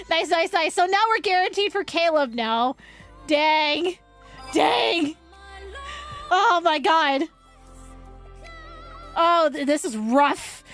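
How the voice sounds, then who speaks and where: Young woman, game streamer, very high voice, unhurried, excitable reactions. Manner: excitable, groans and cheers at pulls. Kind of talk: live gacha game stream.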